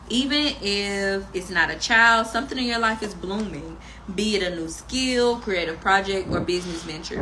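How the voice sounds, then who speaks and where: A woman talks through a tarot spread like a spiritual pep talk. Her voice is bright and cutting, and her delivery is emphatic and preachy, mixed with slangy asides. Faint noise sits behind her. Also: medium pitch, poor audio. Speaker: tarot reader and spiritual guide.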